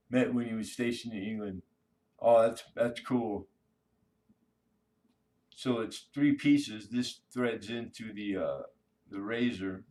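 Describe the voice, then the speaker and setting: A man's voice: fairly low pitch, a little mellow, distant mic. A man hosting a casual coin-collecting live stream, chatting with viewers in a laid-back, slangy way.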